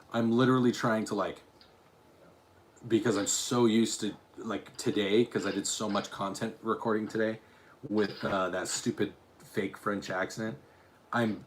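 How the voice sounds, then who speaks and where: A man's voice: on the low side, slight background noise. A man from Utah chatting on a live stream, reading his chat aloud and rambling through restarts and asides. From Utah, USA.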